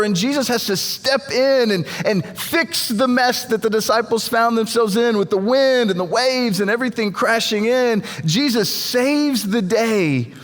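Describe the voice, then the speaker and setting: A man's voice: very high voice, a bit bright. A man preaching a sermon as pastor, telling stories in a conversational way and often repeating words as he goes. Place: church. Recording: long reverb of a church hall.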